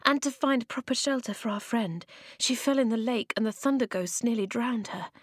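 An earnest young girl with a rough, gravelly voice pleads her case, shaky but brave, in a storybook reading, as a woman narrator puts her on. Her lines ride noticeably higher than the narration around them. The sound is close and dry, with no room around it. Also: moderate pace, no room sound.

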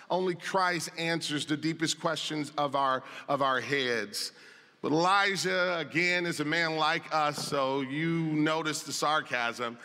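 A man's voice: a little high, unhurried, pushed and bright. A man preaching a sermon as pastor, reading scripture aloud with emphatic delivery. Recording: long reverb of a large hall.

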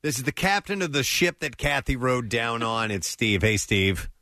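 A man's voice: medium pitch, lively intonation, moderate pace, bright, forceful tone, dry recording, studio quality. A man hosting a radio show, chatting casually and joking with callers. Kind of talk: casual radio chat taking calls.

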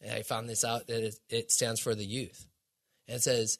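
A man's voice: fairly low pitch, flat delivery, brisk, vocal fry. A middle-aged man giving an earnest, casual faith testimony as a podcast guest, full of acted-out quotes.

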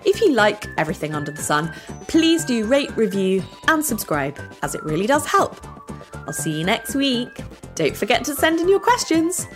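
A woman hosting a podcast for children, reading a script in a bright, expressive way. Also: on the high side, normal speed, faint music behind. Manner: bright, lively, expressive delivery.

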